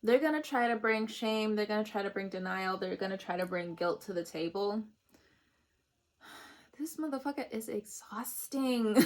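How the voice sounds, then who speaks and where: A woman's voice: fairly high pitch, normal speed. A woman giving a casual spiritual card reading, chatty and emotional, laughing often between her messages. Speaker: tarot reader.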